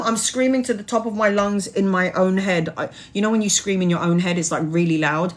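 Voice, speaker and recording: A woman's voice: medium pitch, fairly even intonation, brisk, few pauses, fairly bright tone. Woman tarot reader, live-stream chat, earnest and spiritual, rambling and blunt. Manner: loose, rambling delivery full of restarts. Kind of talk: casual live-stream storytelling.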